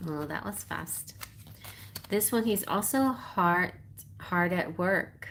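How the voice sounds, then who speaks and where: A woman's voice: lowish voice, takes it slowly, fairly bright tone, a little hiss or hum. A woman giving a chatty live-stream tarot reading, giggling and reading card messages aloud. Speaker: tarot reader.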